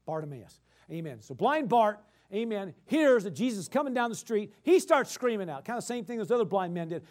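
High-voiced emphatic male preacher. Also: fairly quick. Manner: animated, swings from loud emphatic bursts to quiet explaining; repetitive, emphatic. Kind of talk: sermon.

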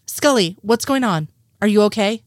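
A woman's voice: medium pitch, expressive, normal speed, dry recording, clean studio sound, natural voice. A woman reading the lines of an exasperated male FBI agent in her own voice.

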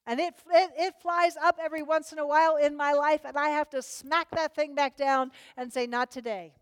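A woman preaching a sermon with passion, swinging between loud emphatic lines and hushed, low asides. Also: flat delivery, a little fast, studio quality. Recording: long hall reverb.

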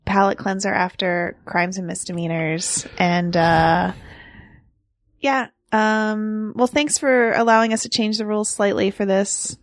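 A woman's voice: medium pitch, fairly even intonation, a little slow, no room sound, clean studio sound. Chatty woman co-hosting a movie podcast. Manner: chatty, laughs often, hedging. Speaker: podcast co-host. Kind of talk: casual movie podcast chat.

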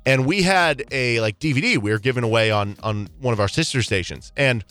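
A man co-hosting a casual sports talk show, chatty and animated as he tells stories. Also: mid-range voice, fairly quick, faint music behind. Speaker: radio co-host.

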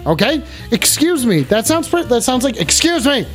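A brash male streamer whose pitch swings all over as he riffs with callers. He swears freely and jumps from mock calm to yelling in a breath, with faint music underneath. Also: moderate pace. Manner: loud, profane, jumps to yelling. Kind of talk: crude comedic live-stream chat.

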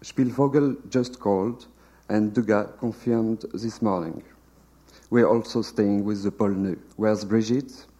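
A man's voice: fairly low pitch, fairly even intonation, a little slow, warm tone. A man reading the lines of a brusque male detective agency chief with a curt, bossy manner. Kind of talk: literary reading of a novel translation.

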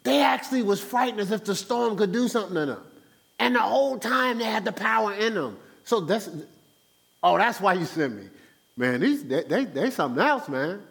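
A man's voice: high voice, lively intonation, normal speed, creaky, a bit bright, heavily acted. A man voicing Jesus in a sermon retelling, musing aloud to God in a casual, exasperated way. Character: weary adult male Jesus musing to God.

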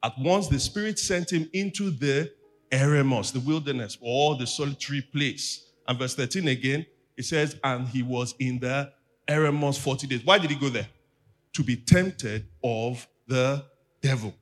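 A man's voice: medium pitch, moderate pace. Male pastor, mid-range voice, preaches a teaching sermon and draws the congregation in. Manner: teaching, asks the congregation to repeat after him. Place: church.

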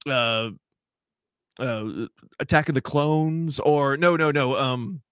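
A man's voice: medium pitch, slow, a bit bright, clear, resonant tone, no room sound, clean studio sound. A man co-hosting a casual podcast chat, rambling through stories and laughing often as he retells movie moments. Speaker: podcast co-host.

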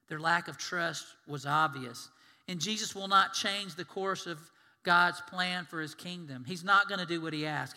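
A man preaching a sermon, animated and storytelling, acting out the scenes he describes. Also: fairly high pitch. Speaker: pastor. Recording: long hall reverb.

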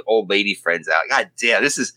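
Bright-voiced man with dry sarcasm. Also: lowish voice, expressive, moderate pace, low-quality recording. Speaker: podcast co-host. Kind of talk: casual comedic banter.

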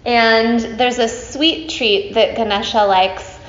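A woman teacher tells a story to a group, chatty and playful, and often turns to her listeners with asides. Her voice sits a bit high. The recording is roomy and slightly dull, with faint background hiss. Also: steady tone, slow, a bit bright. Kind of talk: casual spoken storytelling.

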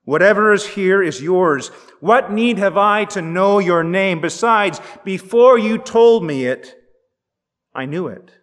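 A man voicing a gentle, generous old male bishop who speaks calmly and slowly. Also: sits high, big-room sound, heavily acted.

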